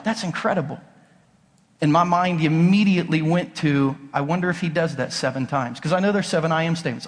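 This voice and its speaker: A man's voice: a little high, big-room sound. A male pastor preaching a conversational sermon, emphatic and full of rhetorical questions. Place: large church auditorium.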